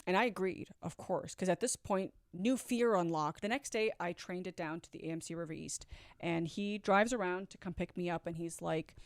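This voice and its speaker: A woman's voice: on the low side, normal speed, no room sound. Earnest woman in her forties, dry sound. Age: 40s. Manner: earnest and emphatic, with swings between loud urgency and near-whispered asides. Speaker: storyteller. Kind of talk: confessional storytelling.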